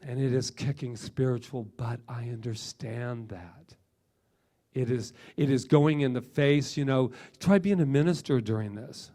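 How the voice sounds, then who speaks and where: A middle-aged man, a minister, giving an animated, emphatic sermon full of repetitions and asides. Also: medium pitch, a little slow.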